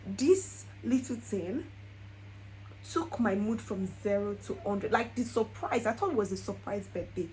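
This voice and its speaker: Animated woman telling a story. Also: mid-range voice, unhurried, a little hiss or hum, low-quality recording. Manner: animated, laughs often while telling. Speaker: vlogger. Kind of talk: casual storytelling.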